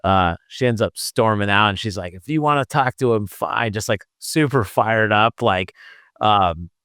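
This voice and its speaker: A man hosts a podcast chat, stumbling and restarting as he recalls a story. His voice is smooth and somewhat low, and the recording is dry and close. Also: fairly bright tone, dry recording. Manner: halting, full of fillers and restarts. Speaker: podcast host. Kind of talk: casual chat.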